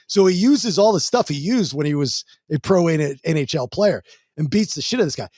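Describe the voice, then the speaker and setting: A man's voice: on the high side, lively intonation, fairly quick, darkish tone, dry recording, studio quality. A man hosting a casual podcast, telling stories bluntly and acting out other people's lines in mock voices. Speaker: podcast host. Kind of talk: casual chat.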